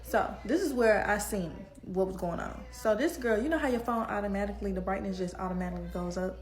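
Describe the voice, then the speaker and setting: A young woman hairstylist tells a casual storytime about a client in a slangy, animated, conversational way. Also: mid-range voice, quick pace.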